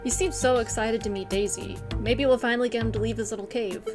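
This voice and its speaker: A woman's voice: fairly high pitch, fairly even intonation, quick pace, music in the background. A woman co-hosting a casual podcast, playing through a story game, laughing often and reading the characters' lines aloud. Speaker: podcast co-host.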